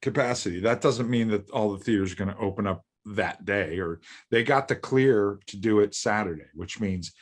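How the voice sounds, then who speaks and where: A man co-hosting a podcast, talking casually and excitably, repeating himself and joking around. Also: on the low side, moderate pace, hardly any pauses. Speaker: podcast co-host.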